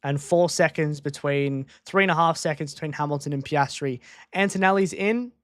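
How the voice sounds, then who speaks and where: A man's voice: a little high, moderate pace, no echo, clean studio sound. A man streaming a live race watchalong from a home desk microphone, chatting casually and repeating himself as he reacts to each moment.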